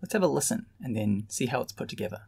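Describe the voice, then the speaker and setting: A man narrating a scripted lesson, with calm, measured explanation. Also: mid-range voice, vocal fry, slightly rough. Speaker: lecturer.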